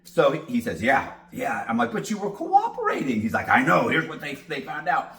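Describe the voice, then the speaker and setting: A man's voice: mid-range voice, lively intonation, normal speed, creaky, pushed and bright, roomy sound. A man guest in an interview, telling a long story with lots of cursing and acted-out dialogue. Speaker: podcast guest.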